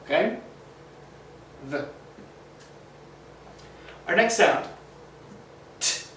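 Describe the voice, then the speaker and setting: Male teacher for a kids' phonics lesson, slow and encouraging, a bit high, echoey room. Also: expressive, sharp tone, slight background noise. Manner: slow, encouraging, sounds out letters. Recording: echoey room, mic at a distance.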